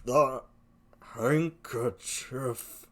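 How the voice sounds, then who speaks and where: A man reading the part of a jealous, commanding nobleman in an amateur streamed play reading. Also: very slow. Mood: brooding. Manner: reads verse aloud, swings between low menace and loud demands.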